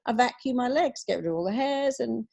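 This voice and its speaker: A middle-aged woman being interviewed on a radio show, giving upbeat advice and acting out quick quoted asides. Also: a little high, creaky. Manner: animated, upbeat, quotes herself in little acted asides. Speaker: guest, hypnotherapist.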